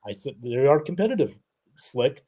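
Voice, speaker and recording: A man's voice: mid-range voice, very animated, moderate pace, mellow. A man co-hosting a casual sports talk show who keeps repeating his point and quotes records.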